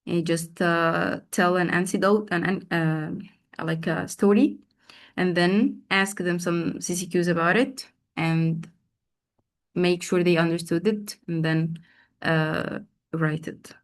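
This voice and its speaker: Woman, teacher trainer, slow unhurried delivery, drills words by repeating them, video call. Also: fairly low pitch, steady tone. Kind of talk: online teacher training session.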